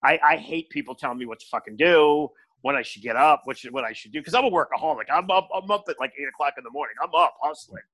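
An older man, a stand-up comedian appearing as a podcast guest, tells stories in casual podcast chat, bluntly and emphatically with lots of swearing. His voice is a little high, bright and forceful, moving at a quick pace with few pauses.

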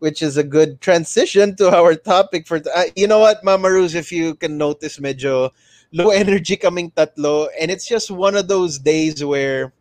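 Man, Filipino accent, podcast host, high voice, dry close sound, cursing casually. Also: normal speed, dry recording. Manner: swearing, switching between English and Tagalog.

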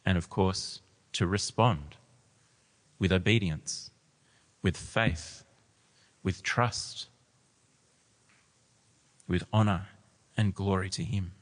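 A man's voice: low voice, steady tone, slow, long pauses. A man preaching a sermon, reading scripture aloud with emphasis and then explaining it to a gathered church. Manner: emphatic, reads scripture with rising intensity. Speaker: pastor. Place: church hall. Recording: long hall reverb.

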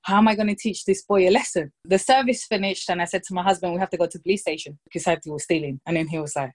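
A woman in her thirties telling a story in casual chat, lively and anecdotal, slipping into quoted voices for the people in it. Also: lowish voice, very fast. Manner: lively anecdotal storytelling, quoting others in brief put-on voices.

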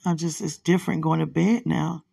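Soft-spoken woman with a gravelly, husky voice, murmuring an intimate late-night phone message from bed. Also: sits low, steady tone, moderate pace, no echo. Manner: soft, hushed, rambling and affectionate, often religious. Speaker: partner leaving a voice message. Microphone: phone held close to the mouth.

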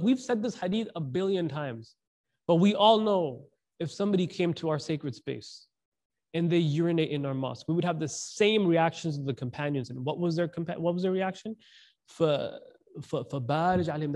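A man's voice: fairly high pitch, darkish tone. A man giving a conversational sermon, asking the audience questions and mixing in slang. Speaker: preacher.

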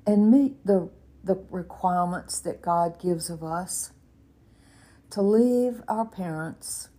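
A woman's voice: fairly low pitch, warm tone. A woman in her eighties teaching a Bible lesson in an earnest, folksy way, with exclamations and stern warnings. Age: 80s.

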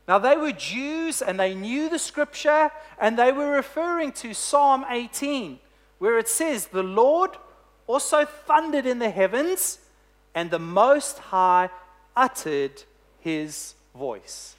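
A preacher delivering a sermon, telling a story with emphatic, deliberate phrasing. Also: medium pitch, sing-song.

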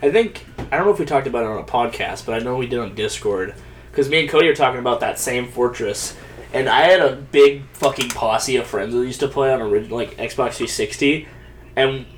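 A young man chatting casually on a podcast, telling animated stories, swearing and laughing often. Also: mid-range voice, a little fast, distant mic, slight background noise. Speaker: podcast co-host. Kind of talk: casual chat.

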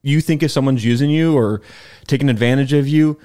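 A man's voice: medium pitch, dark tone. A man in the middle of his range, talking in a casual podcast chat. He restarts often and leans on "like" while working out his thoughts. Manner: halting, many filler likes. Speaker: podcast co-host.

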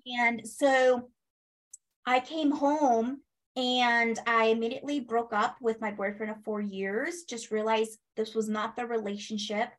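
A woman telling a personal story in a casual interview, animated, acting out what people said and laughing as she goes. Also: fairly high pitch, unhurried. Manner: animated, acts out quoted speech, laughs, swears. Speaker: guest.

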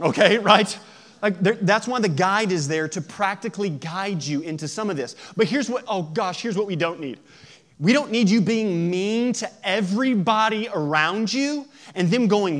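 A man preaching a sermon in a lively, joking way, acting out quoted voices. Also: high voice, moderate pace. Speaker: pastor.

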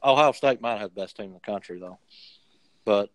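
A man jokes his way through football picks. His voice is fairly low. The mic is close and dry. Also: a little fast, no echo. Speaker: podcast co-host. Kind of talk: casual sports picks chat.

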